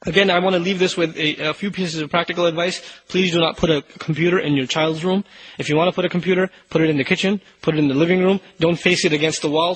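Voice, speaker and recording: A man's voice: sits high, a bit bright, husky, poor audio. A man giving a religious lecture to an audience, earnest and urgent, pressing warnings with emphasis. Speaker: Islamic speaker.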